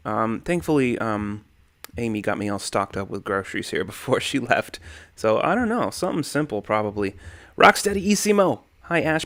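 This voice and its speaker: Chatting into a desk condenser microphone, a young livestream host reads viewer comments from home and welcomes people by name. He speaks at medium pitch in a relaxed way that swings into animation, with no room sound on the recording.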